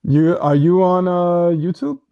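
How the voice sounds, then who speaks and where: A man's voice: high voice, steady tone, measured pace, smooth, muffled recording. A young man co-hosting a casual podcast, teasing his co-host and laughing often. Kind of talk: casual chat.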